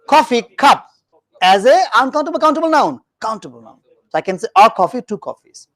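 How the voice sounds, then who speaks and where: A man teaching a grammar lesson in a classroom, animated and joking with his students. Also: sits high. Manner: animated, joking with students, mixes in Hindi phrases.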